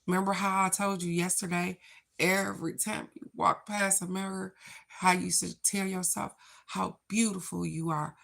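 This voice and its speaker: In a lowish, creaky voice with little pitch movement and a fairly bright tone, a card reader chats at a moderate pace during her casual daily vlog. She draws spiritual cards and addresses viewers as "y'all" and "baby."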